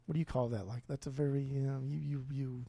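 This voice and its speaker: A man co-hosting a podcast, talking in an animated, profane, rambling way. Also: mid-range voice, quick pace, gravelly, dry recording. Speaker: podcast co-host. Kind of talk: casual podcast chat.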